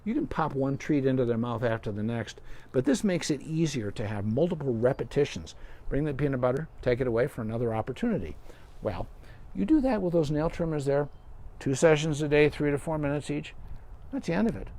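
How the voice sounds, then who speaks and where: A man's voice: mid-range voice, expressive, fairly quick, warm tone. A middle-aged man, a veterinarian, patiently explaining dog care step by step in a live question-and-answer session, with folksy sayings.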